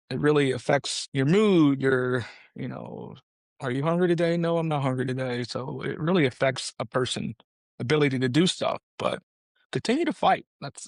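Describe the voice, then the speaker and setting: A man speaking as a podcast guest, telling his personal story in an earnest, halting way with restarts. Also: medium pitch, vocal fry, dry recording.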